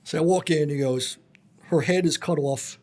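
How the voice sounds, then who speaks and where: A man's voice: fairly high pitch, moderate pace, a little mellow. A man, a former federal agent, telling blunt and profane stories full of quoted dialogue as a podcast guest. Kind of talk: storytelling in a casual interview.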